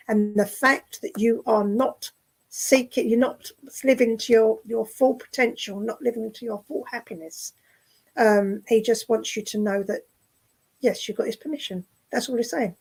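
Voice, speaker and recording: Gentle, halting woman medium. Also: on the high side, fairly even intonation, slightly rough, rough recording. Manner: gentle, affectionate, halting with many fillers and restarts. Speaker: spiritualist medium. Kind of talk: clairvoyant readings in an online service. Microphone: video call.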